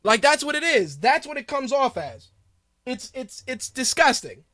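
A man's voice: very high voice, big pitch swings, moderate pace, bright, forceful tone, dry recording, clean studio sound. A man hosting a podcast, ranting in a profane, sarcastic way in a casual commentary style. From Hispanic background. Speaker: podcast host.

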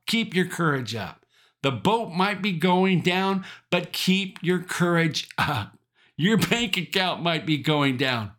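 A man preaching a sermon, emphatic and animated, repeating rallying phrases with the odd chuckle. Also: high voice. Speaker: pastor.

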